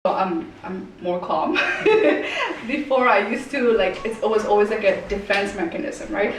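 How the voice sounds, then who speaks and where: A woman speaking as a roundtable guest in fast, casual talk full of "like" and "right?". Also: mid-range voice, expressive. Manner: fast, filler-heavy, says "like" and "right?" often. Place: community event room. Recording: echoey room, distant mic, faint noise.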